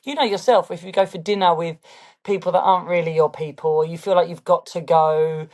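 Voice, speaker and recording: This interview guest, a London-born fashion brand founder, talks casually in a low-ish, steady, darkish voice at a brisk pace. Her London accent comes through, and she regularly asks "do you know what I mean".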